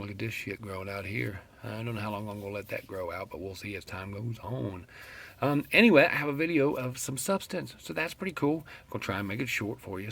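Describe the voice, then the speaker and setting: A middle-aged man with a West Virginian accent, ranting to camera in a blunt, profane, animated vlog. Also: lowish voice, creaky, breathy edge. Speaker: vlogger.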